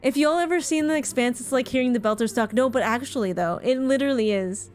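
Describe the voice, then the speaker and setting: A woman from Ontario, Canada, talking casually and frankly to her stream chat while she plays. Her voice sits a little high, and she swears easily. Faint game music runs underneath. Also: fast, darkish tone.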